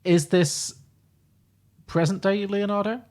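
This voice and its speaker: A man's voice: sits high, fairly even intonation, slow, darkish tone. A man, co-hosting a podcast, who breaks in with questions and short reactions in casual chat. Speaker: podcast co-host.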